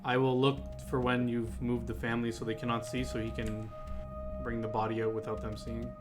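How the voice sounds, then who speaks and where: A man's voice: medium pitch, little pitch movement, fairly quick. A man playing a tabletop role-playing game, switching between his hero's lines and table talk. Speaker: player. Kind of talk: tabletop role-play, in and out of character. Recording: with background music.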